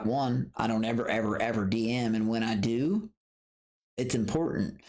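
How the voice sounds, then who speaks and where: A middle-aged man holding forth on a late-night livestream. He talks bluntly and swears freely, repeating himself as he works through a grievance, at an ordinary middle pitch. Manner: blunt, profane, repetitive. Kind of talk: casual late-night stream rant.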